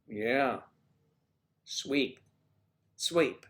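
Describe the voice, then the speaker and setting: A man's voice: mid-range voice, expressive, unhurried. A man hosting a casual livestream from home, chatting in a joking, rambling way that drifts between topics. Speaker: livestream host.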